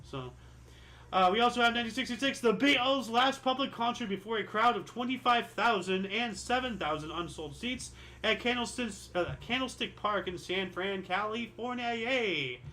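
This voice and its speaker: A man's voice: very high voice, moderate pace, pushed and bright, poor audio. A man hosting a history show, reading through dates with sarcastic asides and correcting himself, his voice a little dry and cracking. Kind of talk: casual commentary reading dates.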